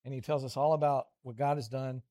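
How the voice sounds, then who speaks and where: A man, middle-aged, preaching a lively children's sermon, animated storytelling with playful voiced asides. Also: mid-range voice, a little fast.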